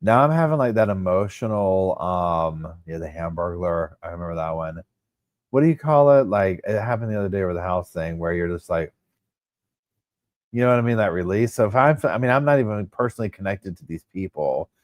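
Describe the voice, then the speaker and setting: A man hosts a casual livestream, chatting animatedly with viewers and calling them y'all. His voice is low-pitched and a little fast, captured with studio quality and no echo.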